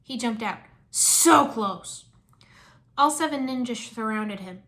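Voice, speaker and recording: A woman reads a fan fiction story aloud with lively storytelling. Her voice is bright and sits a little high. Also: moderate pace.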